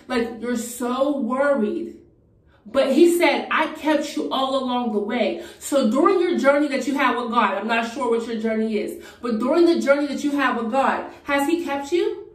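A woman's voice: high-pitched, moderate pace. A woman preaching fervently in a conversational way, encouraging her viewers in a get-ready-with-me video. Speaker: Christian vlogger. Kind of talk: preaching while getting ready. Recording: echoey room from a distance.

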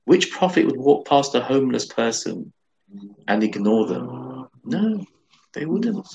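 A man speaks as an imam guest in an interview. His voice is gravelly at an ordinary pitch, and he talks earnestly, circling back and restarting his phrases. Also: sing-song, measured pace, a little mellow, lo-fi sound. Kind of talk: conversational interview.

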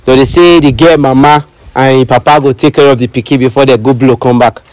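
A man with a Nigerian Pidgin accent hosting a comedy skit, playful and animated, talking to the audience. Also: mid-range voice, a little fast, no room sound. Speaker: comedian host.

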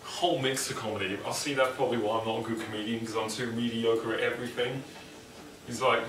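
A man's voice: mid-range voice, steady tone, quick pace, a bit bright, distant mic. Rambling, joking English man. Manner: joking, self-deprecating, rambling. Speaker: cooking vlog host. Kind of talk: rambling casual monologue. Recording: echoey room, mic some way off, faint noise.

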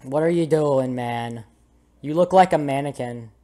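A man's voice: medium pitch, a little slow, mellow. A young man doing comedic commentary over a video game, goofy and jokey with sudden dramatic outbursts. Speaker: gameplay commentator. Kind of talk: comedic let's play commentary.

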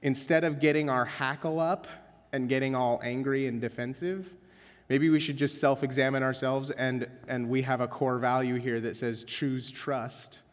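Young male pastor, conversational sermon delivery, self-deprecating humor, mid-pitched voice, church hall reverb. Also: fairly even intonation, normal speed. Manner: conversational, self-deprecating, addresses listeners as guys. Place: church sanctuary.

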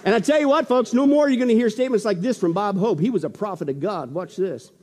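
High-voiced, excitable male preacher in a reverberant hall. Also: quick pace. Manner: excitable, jokey, rhetorical questions. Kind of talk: sermon on prophecy.

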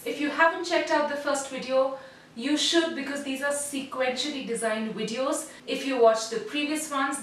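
A woman voice coach explains exercises in a measured, teacherly way. Her voice sits high and bright. It is recorded from some way off in a very reverberant room with a faint hiss behind it. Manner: measured, instructive, demonstrates sounds. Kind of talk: online voice lesson. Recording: very echoey room, voice heard from a distance.

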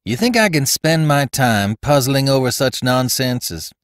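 A man's voice: mid-range voice, animated, a little slow, no echo, clean studio sound, voice pushed up, natural voice. A man voicing a brusque, evasive country woman who answers shortly in rustic speech. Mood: curt.

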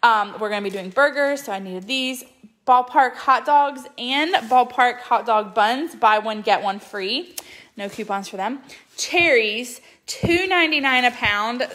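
A woman's voice: a little high, moderate pace, bright, forceful tone. A woman, chatting casually and upbeat through a shopping haul with plenty of ums. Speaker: couponing vlogger.

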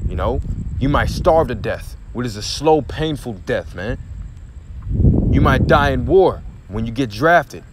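A man's voice: medium pitch, very animated, slow, pauses often. Guy preaching doom hard, swears a lot, voice swings up and down, bit of traffic noise. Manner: profane, emphatic, repetitive. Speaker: street preacher. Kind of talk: impassioned religious rant.

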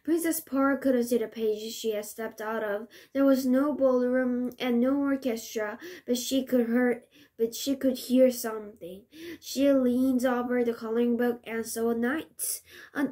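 Slow careful storybook reader, woman. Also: on the high side, fairly even intonation, warm tone. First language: Korean. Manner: careful, slow, occasional restarts. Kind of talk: reading a storybook aloud.

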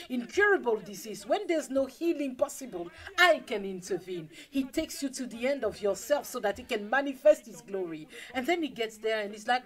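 Animated woman preaching a sermon. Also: sits high, moderate pace, hardly any pauses, low-quality recording. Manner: dramatic, acts out scenes in voices; calls for amens from the congregation. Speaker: pastor.

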